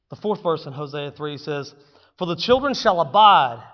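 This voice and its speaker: A man preaching a sermon, swinging dramatically between hushed storytelling and loud, fervent exclamation. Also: fairly high pitch, expressive, a little fast. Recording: dull sound with long hall reverb.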